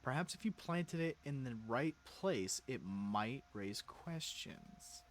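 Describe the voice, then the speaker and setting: A man's voice: mid-range voice, expressive, takes it slowly, slight background noise. A man casually playing a story game, reading its text aloud and adding joking asides. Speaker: let's play streamer. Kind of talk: casual gameplay commentary.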